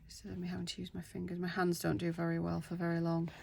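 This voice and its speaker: A woman's voice: on the low side, completely flat delivery, fast talker, creaky, a little mellow, slight background noise. A woman in her thirties, chatting casually and self-deprecatingly to viewers as she works on a craft project at home. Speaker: craft vlogger. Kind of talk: casual craft-along chat.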